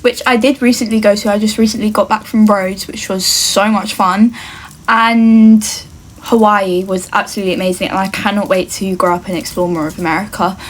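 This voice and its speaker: A young woman from England talking earnestly to camera in a casual get-to-know-me vlog, chatty and fond of saying "like". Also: mid-range voice. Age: young adult. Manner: chatty and earnest, often says "like" and "obviously". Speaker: vlogger.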